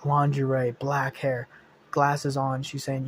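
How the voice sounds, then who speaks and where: A man's voice: mid-range voice, level tone, a little slow, a little mellow, a little hiss or hum. Young male host improvising fan-story narration; rambling, profane. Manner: rambling, profane, restarts often.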